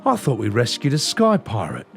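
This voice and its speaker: A man with an Australian accent voicing a crude, gruff old pirate boss in a low, growling voice full of insults. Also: huge pitch swings, moderate pace, faint music behind.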